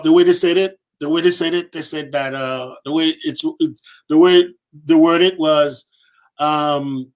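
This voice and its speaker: A man on a podcast tells a story with real animation, repeating phrases for emphasis and slipping into the voices of the people he quotes. His voice sits a bit high for a man. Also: measured pace. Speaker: podcast guest.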